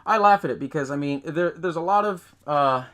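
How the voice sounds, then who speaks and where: A man's voice: fairly high pitch, brisk, fairly bright tone. A man hosting a podcast, recapping a film in loose casual chat, swearing often, laughing and acting out lines from scenes. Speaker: podcast host.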